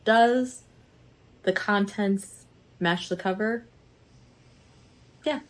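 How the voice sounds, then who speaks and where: A young woman vlogging a casual, animated book review, chatty and quick to laugh. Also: medium pitch.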